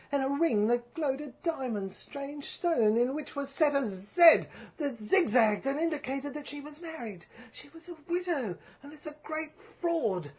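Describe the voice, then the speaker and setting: A woman reads a first-person story aloud. Her delivery is measured and deliberate, moving steadily through the narration. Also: mid-range voice, darkish tone. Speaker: story reader.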